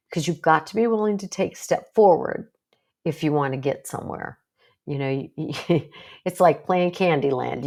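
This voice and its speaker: A woman psychologist with a strong, assertive voice, giving an educational talk to viewers in a direct, coaching way. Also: lowish voice. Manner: direct, coaching, self-deprecating asides.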